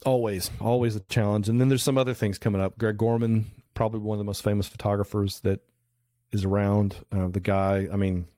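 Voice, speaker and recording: A middle-aged man with a lowish voice chats as a podcast guest. He rambles through animated stories, restarting his sentences. The recording is dry, with no room sound. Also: a little fast, dry recording. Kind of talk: casual interview storytelling. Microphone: remote call recording.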